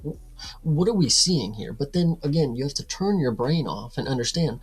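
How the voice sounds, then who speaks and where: Husky-voiced man ranting about a film. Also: mid-range voice, expressive, brisk, fairly bright tone. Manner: ranting, profane, incredulous. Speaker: film review co-host. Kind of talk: casual film review chat.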